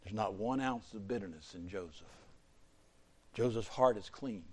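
A man preaching a sermon, swinging between loud fervent peaks and quiet low asides. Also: moderate pace, breathy edge.

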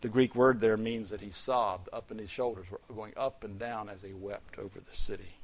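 A man preaching a sermon as pastor, rising to loud, emphatic peaks and dropping to soft, low asides, and reading scripture in a slow, stressed cadence.

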